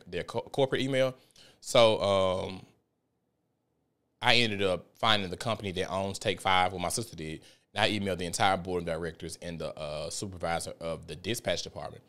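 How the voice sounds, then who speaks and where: A man's voice: fairly low pitch, a bit bright. A man hosting a podcast, telling stories and ranting in a heated, profane, emphatic way. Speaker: podcast host. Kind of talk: casual ranting monologue.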